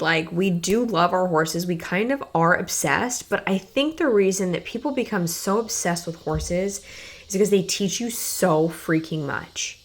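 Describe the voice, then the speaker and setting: A young woman hosting her own podcast, talking candidly and emotionally about her life, with many fillers like "like" and "you guys". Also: mid-range voice. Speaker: podcast host and health coach. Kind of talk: personal podcast monologue.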